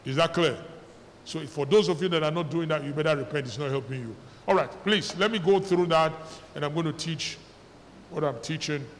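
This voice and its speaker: A man's voice: a little high, brisk. A man preaching a sermon to his congregation as pastor, pressing them with repeated questions and firm commands. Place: church hall. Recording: reverberant church hall with faint noise.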